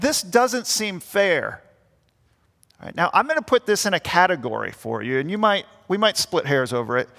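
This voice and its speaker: High-voiced male pastor preaching in reverb. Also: bright, forceful tone. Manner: earnest, acts out grumbling voices in quotes. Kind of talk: sermon. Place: church. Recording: long church reverb.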